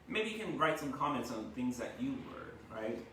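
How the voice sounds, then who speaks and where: A man's voice: mid-range voice, big pitch swings, moderate pace, bright, forceful tone, a little hiss or hum. Chatty man reading a storybook, echoey. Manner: chatty, explains words, tags lines with "right?". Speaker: teacher. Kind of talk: reading a storybook aloud to a class. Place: home kitchen. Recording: echoey room, mic far off.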